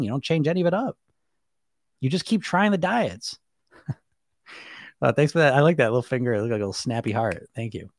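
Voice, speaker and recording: A man coaching weight loss on a live stream, talking rapidly and bluntly, swearing casually and tagging his points with "right?" and "you know?". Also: on the high side, a little mellow, no room sound, studio quality. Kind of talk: live-stream monologue to viewers.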